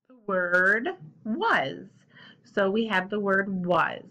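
A woman teaching sight words to young children, slowly sounding out and spelling letters and asking them to repeat after her. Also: medium pitch, muffled recording. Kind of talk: remote lesson for young children.

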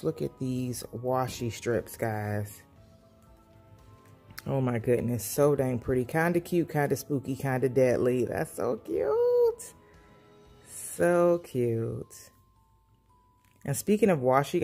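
A woman's voice: rumbling low, dark tone. A woman gushing through a casual sticker book review for her planner channel at home. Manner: gushing, enthusiastic, repeats praise. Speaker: planner vlogger.

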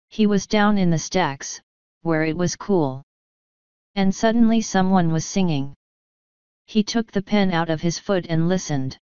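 A woman narrating an audiobook in a measured, dry storytelling manner. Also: fairly low pitch, darkish tone, clean tone, no room sound. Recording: dull lo-fi audio.

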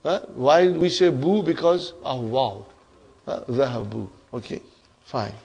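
A man's voice: mid-range voice, lively intonation, unhurried, gravelly, darkish tone, slightly rough, muffled recording. A man teaching an Arabic grammar lesson to a class, often checking in with "huh?" and "are you with me?".

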